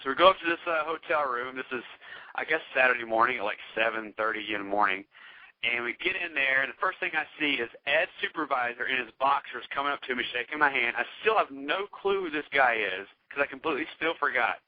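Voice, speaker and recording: A man's voice: medium pitch, quick pace, dry recording. A man casually telling a wild story as a podcast guest, swearing freely and acting out what others said. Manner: animated, profane, acts out quoted voices. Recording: dull, dry lo-fi podcast audio.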